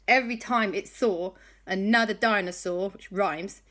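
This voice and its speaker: Playful unhurried woman storyteller. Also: medium pitch, fairly bright tone. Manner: chatty, playful. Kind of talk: improvised children's story narration.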